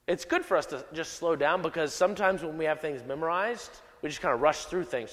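A male pastor preaching a sermon, measured and emphatic, repeating key lines slowly. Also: a little high, fairly bright tone. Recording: long hall reverb.

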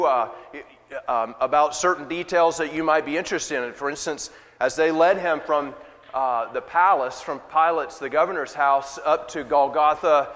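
A man's voice: fairly high pitch, a bit bright. A man preaching a sermon as pastor, reading scripture and leading prayer in an earnest, emphatic way. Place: church sanctuary. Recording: long reverb of a large church hall.

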